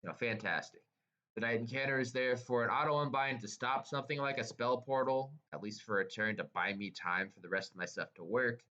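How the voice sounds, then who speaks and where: A man's voice: medium pitch, brisk, pushed and bright. Guy nerding out over his wargame army, keeps tripping on his words, kinda muffled lo-fi audio. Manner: enthusiastic, stumbling over words. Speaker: tabletop wargaming instructor. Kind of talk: excited casual explanation. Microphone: camera held by helper, moving about.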